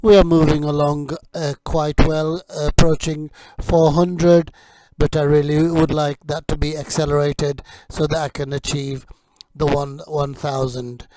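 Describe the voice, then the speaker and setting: A man teaching English vocabulary in a slow repeat-after-me drill, speaking in a measured, deliberate way with hesitant pauses. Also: on the high side, flat delivery, dark tone, poor audio.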